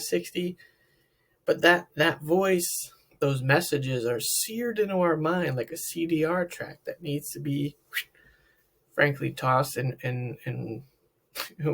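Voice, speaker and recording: A man's voice: on the high side, vocal fry, slightly rough. Reflective male therapist posing questions. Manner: reflective, asks many questions, repeats words. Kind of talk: talk to camera about emotional health.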